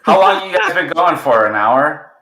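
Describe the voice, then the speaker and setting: A man chats and jokes as a guest over a video call. His voice is bright, and the room around him echoes. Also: fairly high pitch, lively intonation, normal speed. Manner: joking, playful. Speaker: podcast guest. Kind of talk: casual chat on a video call.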